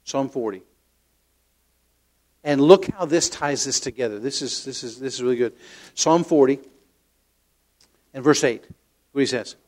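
An older man preaching a sermon, telling stories with lively acted-out inner voices and soft tender asides, often repeating words as he searches. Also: mid-range voice, measured pace, long pauses. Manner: animated storytelling, acts out inner voices, drops to soft tender tones. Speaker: pastor.

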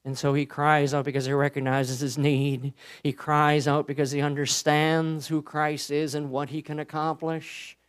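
A male Baptist pastor preaching a sermon, impassioned, swinging between quiet, drawn-out words and loud, rising emphasis. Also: fairly high pitch, little pitch movement, clear, resonant tone.

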